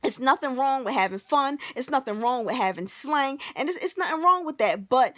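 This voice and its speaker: A woman vlogger ranting to camera, animated and emphatic, with plenty of profanity and repeated "like". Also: sits high, normal speed, few pauses, dry recording, studio quality.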